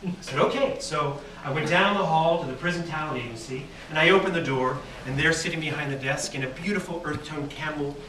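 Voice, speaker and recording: High-voiced man telling a playful tale in an echoey hall. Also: fairly quick. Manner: playful, tells an absurd dream tale with deadpan asides. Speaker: keynote speaker. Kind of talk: humorous storytelling speech. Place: banquet hall at an awards dinner. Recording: echoey, distant hall recording with loud noise.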